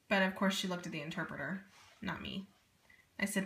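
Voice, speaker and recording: Woman, 30s, bright voice, earnest and animated telling her own story, roomy echo. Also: mid-range voice, a little fast, vocal fry, pauses often. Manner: earnest, animated, many asides. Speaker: parent telling a personal story. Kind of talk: casual first-person storytelling. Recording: echoey room.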